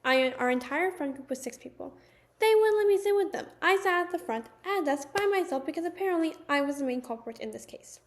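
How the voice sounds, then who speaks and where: A young woman telling a personal story in a casual, animated storytime manner, with lots of "like"s. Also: very high-pitched, brisk. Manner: chatty, animated storytelling with many "like"s. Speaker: vlogger.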